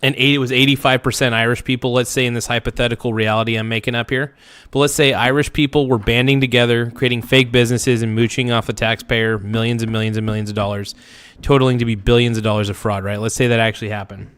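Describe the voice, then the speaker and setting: A man in the middle of a livestream rant, blunt and emphatic, who keeps circling back to the same point. His voice sits at an ordinary middle pitch. The sound is close and dry, with no room echo. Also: little pitch movement, quick pace, fairly bright tone, clean tone. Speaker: livestream reaction host. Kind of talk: ranting reaction commentary.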